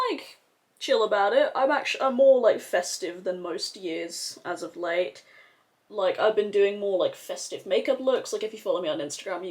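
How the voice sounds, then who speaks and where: Lively chatty woman vlogger. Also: mid-range voice. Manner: chatty, swears freely, lots of filler "like". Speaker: makeup vlogger. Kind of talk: casual chat while doing makeup.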